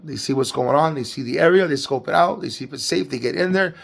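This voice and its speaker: A man giving a casual devotional Bible recap, preaching with lively slang and acting out quotes. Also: a little high, fast, creaky. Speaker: Bible teacher.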